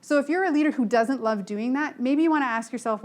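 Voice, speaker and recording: A woman's voice: fairly high pitch, fairly quick. A middle-aged woman giving a motivational leadership talk to a live group, telling stories frankly and acting out the dialogue. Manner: lively, frank storytelling with acted-out dialogue. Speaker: leadership speaker.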